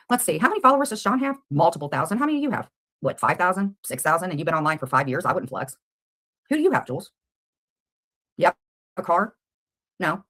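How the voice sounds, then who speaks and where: Fast-talking woman ranting on a livestream. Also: fairly low pitch. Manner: combative, addresses a rival directly with rapid questions. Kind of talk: confrontational livestream rant.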